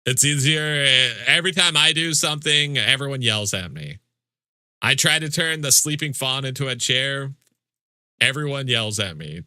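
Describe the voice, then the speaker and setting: A man's voice: medium pitch, expressive, normal speed, sharp tone, no room sound. A man streaming a game live, chatting casually with viewers in mock-indignant, joking complaints and swearing freely. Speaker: livestreamer. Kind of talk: casual livestream chat with viewers.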